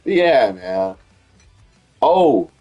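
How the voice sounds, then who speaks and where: A man giving casual, profane gaming commentary on stream, with animated, incredulous outbursts. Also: fairly low pitch, extremely slow, no room sound, muffled recording, soft background music.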